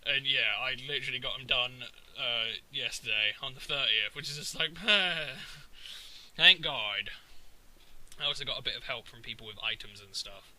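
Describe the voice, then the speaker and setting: Sharp-voiced man narrating gameplay. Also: mid-range voice, moderate pace, poor audio. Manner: excitable, swears freely, rambling fillers. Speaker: video game commentator. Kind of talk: casual gameplay commentary.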